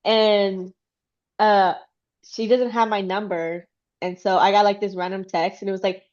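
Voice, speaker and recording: A woman's voice: mid-range voice, steady tone, unhurried, a little mellow, dull audio. A woman chatting casually and rambling, with lots of fillers and giggles. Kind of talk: casual chat.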